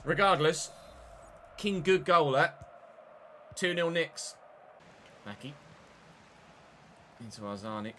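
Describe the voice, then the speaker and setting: A man giving casual, jokey let's-play commentary on his own football video game match, chatty and quick to get excited. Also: fairly high pitch, a little hiss or hum. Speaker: gaming YouTuber.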